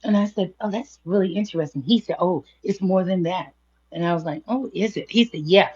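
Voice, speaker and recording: Woman, husky low voice, casual storytelling, dull lo-fi audio. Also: a little fast, a little mellow. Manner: chatty, laughs often, quotes others in a livelier voice. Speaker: guest speaker.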